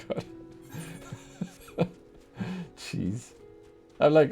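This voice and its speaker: A man's voice: mid-range voice, lively intonation, very slow, creaky, long pauses, darkish tone. A man chatting casually while streaming a game, tired from lack of sleep and rambling in a chatty, self-mocking way. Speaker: let's play streamer. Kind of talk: casual chat while gaming. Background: faint game music.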